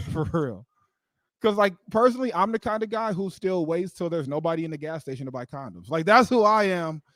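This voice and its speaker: A man's voice: fairly high pitch, lively intonation, a little fast, a bit bright, no room sound. A man performing a live stand-up comedy set into a stage mic, rambling with lots of "like" and laughing at his own jokes. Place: live comedy show venue.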